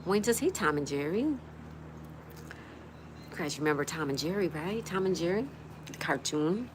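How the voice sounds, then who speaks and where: A woman hosts a casual live stream, chatting and reading viewer comments aloud as she greets each person by name. Her voice is lowish and her pace moderate. There's steady background noise in the recording.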